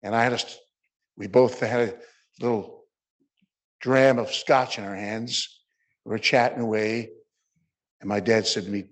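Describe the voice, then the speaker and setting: An older man giving emotional closing remarks at a symposium, halting with many restarts and at times choked up. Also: on the low side, steady tone. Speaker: symposium speaker.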